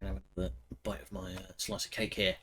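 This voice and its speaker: A man's voice: low-pitched, flat delivery, moderate pace, sharp tone, slight background noise. A man giving casual let's-play commentary, joking and sarcastic, swearing freely. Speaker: gaming video host.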